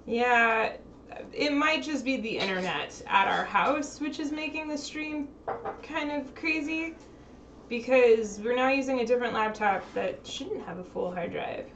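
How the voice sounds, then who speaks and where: A woman's voice: fairly high pitch, a little slow, fairly bright tone, slight background noise, poor audio. Chatty woman hosting a stream at home. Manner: chatty, laughing, talking to chat while fixing tech. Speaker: streamer host. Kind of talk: casual live-stream chat.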